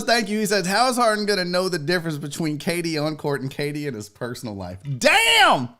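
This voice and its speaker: A middle-aged man hosting a casual live stream, loud and profane, excitably reading viewer messages aloud. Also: a little high. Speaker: show host.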